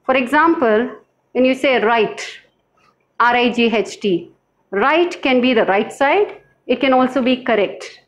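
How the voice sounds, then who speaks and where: A woman teaching a language lesson, speaking slowly and carefully, repeating each word for her learners. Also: a little high, animated, rough recording. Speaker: French teacher. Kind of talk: slow classroom lesson.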